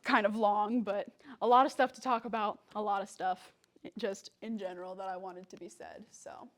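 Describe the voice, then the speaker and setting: With a mid-range voice, fairly even intonation, and a normal speed, a young woman speaks as a guest at a church. She tells the congregation a personal story casually, with lots of fillers and acted-out quotes.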